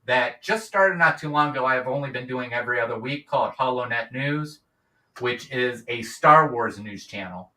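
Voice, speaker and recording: Middle-aged male guest, bright voice, distant mic in an echoey room, rambly. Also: medium pitch, normal speed. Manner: rambling, many restarts and fillers. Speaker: guest, YouTube creator. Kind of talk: casual interview chat.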